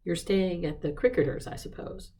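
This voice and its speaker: Brief: a woman playing a dry, teasing young gentleman, low and warm. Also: moderate pace, natural voice. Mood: wry. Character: wry whimsical young English gentleman.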